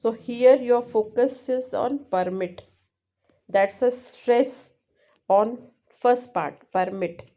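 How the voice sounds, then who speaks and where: A woman teaching linguistics, explaining exam answers slowly and repeating points, often checking with "right?". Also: fairly high pitch, warm tone. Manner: slow, repetitive, keeps checking with "right?". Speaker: English teacher.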